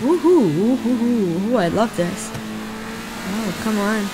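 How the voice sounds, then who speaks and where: A woman giving casual let's-play commentary, excitable and cheering on or scolding her character. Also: mid-range voice, takes it slowly, noisy background. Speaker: gaming channel host.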